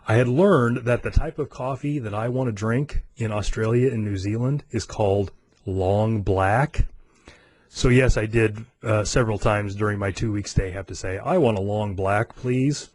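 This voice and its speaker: A man's voice: lowish voice, a little mellow, slightly rough, no echo. An American man hosting a podcast, telling a travel story in a casual way, acting out the quoted voices of others and laughing often. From United States. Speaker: podcast host.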